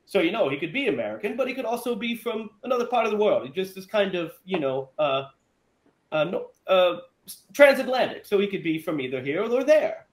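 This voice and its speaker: A man with a high, lively voice chats about an old movie, animated and often laughing as he walks through the plot. His voice rings in an echoey room. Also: brisk. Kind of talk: casual movie discussion.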